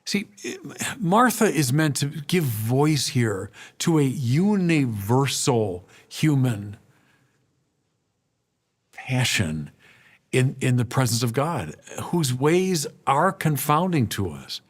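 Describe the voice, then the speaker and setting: A man's voice: medium pitch, sing-song, takes it slowly, breathy edge. A middle-aged man, a priest, preaching a sermon in a conversational way, with rhetorical questions to the congregation and frequent repeated words.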